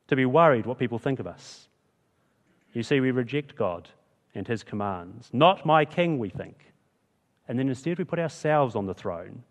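A man's voice: mid-range voice, big-room sound. A man preaching a sermon in a chatty, conversational way, often asking the listeners rhetorical questions. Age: adult with school-age kids.

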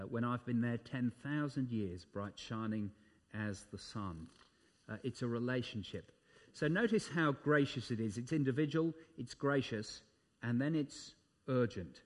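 Emphatic male preacher. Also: mid-range voice. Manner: emphatic, rising and dropping for effect, with frequent fillers. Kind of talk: sermon.

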